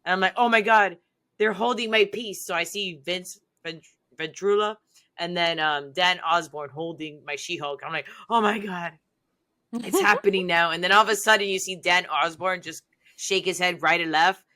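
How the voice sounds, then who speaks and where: Bright-voiced excitable woman. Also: fairly low pitch, moderate pace. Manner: excitable, animated, heavy use of "like". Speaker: guest. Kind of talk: casual storytelling on a podcast.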